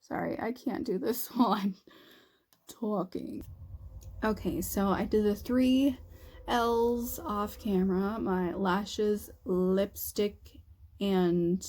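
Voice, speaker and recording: Her voice is mid-range and slow as this young beauty vlogger chats through an amusing tale while applying makeup. Animated and frequently laughing, she acts out the quotes.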